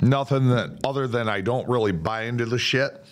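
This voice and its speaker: A man's voice: mid-range voice, a little fast. A man chatting as a guest on a podcast, talking in a hesitant, loose way with some swearing. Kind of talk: casual chat.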